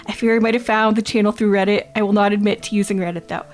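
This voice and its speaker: This VTuber speaks quickly in a flat, medium-pitched voice, streaming casually as she reads chat out loud. She laughs a lot, jokes crudely and keeps circling back to the same phrases.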